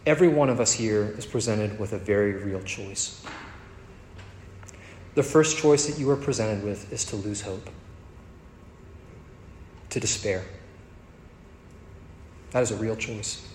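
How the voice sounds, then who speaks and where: A male pastor preaching a sermon, moving between soft tender passages and emphatic rising peaks. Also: lowish voice, a little hiss or hum. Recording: echoey hall with faint ambience.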